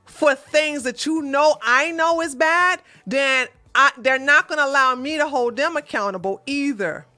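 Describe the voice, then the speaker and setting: A woman's voice: sits high, unhurried, bright, forceful tone, faint music behind. A woman hosting a relationship advice livestream, reading out a viewer's question and answering bluntly with sassy, mocking remarks.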